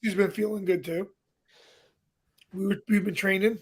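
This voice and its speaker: Brooklyn guy on a podcast, pretty high voice, chatty, short punchy bits. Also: steady tone, husky. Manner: chatty, talks fight breakdowns in quick bursts. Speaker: podcast co-host. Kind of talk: casual podcast chat.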